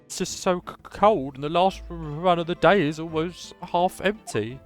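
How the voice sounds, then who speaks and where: A man voicing a nervous, stammering male coachman in a game, pitched high and anxious. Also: moderate pace, soft background music, close to an everyday voice.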